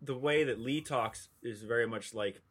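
A man's voice: medium pitch, moderate pace, a bit bright. A man co-hosting a podcast in casual chat, musing and thinking aloud with many fillers. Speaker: podcast co-host.

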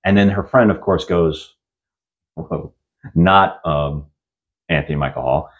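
A man's voice: sits low, unhurried, narrow, tinny audio. A man co-hosting a podcast, retelling a film in a casual, rambling way with many restarts. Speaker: podcast co-host reviewing films. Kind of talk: casual chat.

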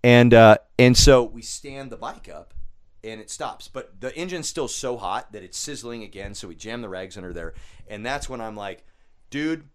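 A man in a studio spinning a long, profane story with lots of energy. He talks at an ordinary middle pitch and acts out his own quoted lines as he tells it. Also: moderate pace, clear, resonant tone, no echo. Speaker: podcast guest. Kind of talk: casual storytelling.

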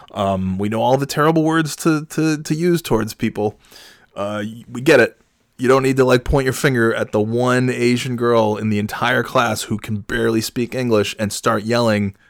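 A man's voice: medium pitch, dry recording, clean studio sound. A man telling a story in a loose, rambling way, full of restarts, swearing and exasperation. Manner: rambling, profane, self-correcting and exasperated. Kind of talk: casual storytelling monologue.

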